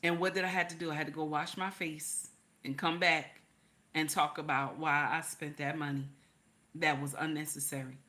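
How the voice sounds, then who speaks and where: A woman's voice: low-pitched, flat delivery, moderate pace, bright, forceful tone. A middle-aged woman hosting a reaction video, talking emphatically and directly to her viewers in a preachy, casual way.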